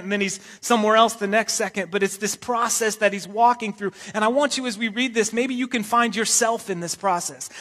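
A man's voice: high-pitched, a bit bright, long reverb tail. A man preaching a sermon, talking in a casual way with joking asides and reading scripture with emphasis. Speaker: pastor. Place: church sanctuary.

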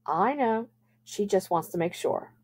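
A woman reading aloud, voicing a calm, reassuring middle-aged male store manager in a storybook. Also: mid-range voice, measured pace, husky, voice pushed up. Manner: steady and reassuring.

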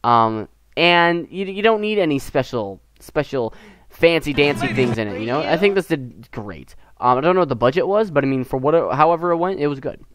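A man's voice: fairly high pitch, animated, brisk, a bit bright. An American teenage boy casually reviewing a short film, rambling and giggling, with lots of fillers and restarts. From United States. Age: teens. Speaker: gaming YouTuber.

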